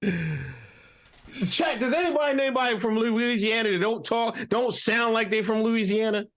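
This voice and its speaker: This is a middle-aged man on a comedic podcast, jabbing at his co-host with mock-courtroom charges. His voice sits high for a man and jumps around constantly, full of playful bounce. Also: measured pace. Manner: animated, teasing, mock-courtroom accusations.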